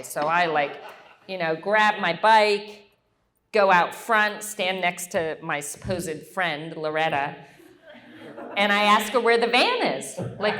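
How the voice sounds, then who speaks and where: A woman's voice: fairly low pitch, measured pace, crowd noise. A middle-aged woman telling a story at a Q&A, acting out the voices of the people she quotes. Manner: animated, acts out quoted voices. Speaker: guest speaker.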